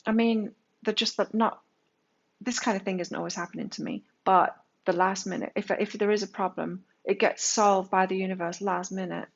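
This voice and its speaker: A woman's voice: mid-range voice, steady tone, normal speed, creaky, muffled recording. A woman giving a casual tarot reading to her viewers, speaking candidly and swearing now and then. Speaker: tarot reader.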